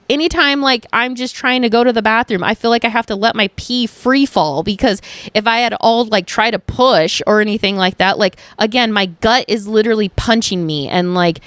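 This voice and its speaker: Young woman, podcast host, casual solo chat, frank, swearing, animated, dry close sound. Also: mid-range voice, clean tone, no echo.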